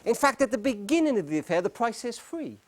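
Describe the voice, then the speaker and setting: A man with a very high voice speaks on marriage before a live studio audience, his pitch rising and falling with great liveliness. He tells stories dramatically, slows to repeat key phrases, and drops almost to a whisper for emphasis.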